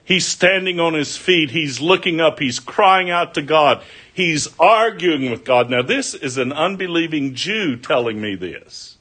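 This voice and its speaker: An older pastor preaching a sermon, slow and earnest, rising to loud cries and sinking to near whispers. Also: male voice, on the high side, lively intonation.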